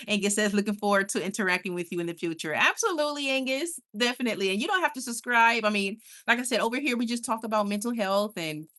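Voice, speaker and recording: On a laid-back live stream, a young woman reads out viewer comments and responds with lively, emphatic energy. She laughs easily and tends to say things more than once. Her voice sits a little high.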